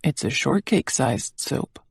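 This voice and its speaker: A tender young man teases his lover in a hushed, lowered voice, as an audiobook reader puts him on. The tone is intimate and gentle, with a dry, close studio sound and no room around it. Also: animated, measured pace, gravelly, husky, no echo, heavily acted. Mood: soft teasing. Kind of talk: audiobook character voice.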